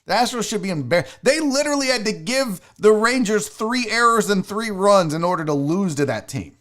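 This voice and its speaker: A man hosts a live sports stream, reading chat and ranting with plenty of profanity. His voice sits high for a man and swings widely in pitch. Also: lively intonation, normal speed, fairly bright tone. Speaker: host of a live sports show.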